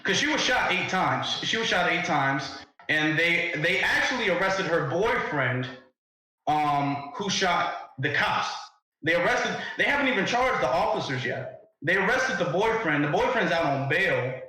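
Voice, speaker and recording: A man's voice: fairly high pitch, sing-song, measured pace, sharp tone, heavy reverb, poor audio. A man hosting a live debate, pressing his points and firing repeated questions. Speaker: live stream host. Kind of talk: heated debate.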